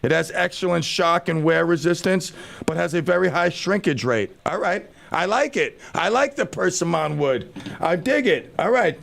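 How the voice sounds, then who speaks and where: A man's voice: fairly high pitch, lively intonation, moderate pace, gravelly, a bit bright. A man hosting a radio talk show, bantering in a joking, self-mocking way into a studio microphone.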